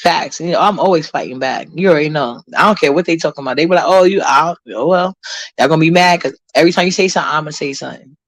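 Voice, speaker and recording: A woman's voice: sits low, racing, no room sound. Blunt, profane New woman vlogger. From Harlem, New York. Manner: blunt, profane, rambling with many fillers. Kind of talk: casual chat, reading comments.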